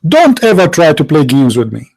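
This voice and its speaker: A man's voice: a little high, wildly swooping pitch, normal speed, a little mellow, breathy edge, rough recording. A man hosting a religious debate show, mocking and confrontational, firing rhetorical questions in broken English. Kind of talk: combative religious debate monologue.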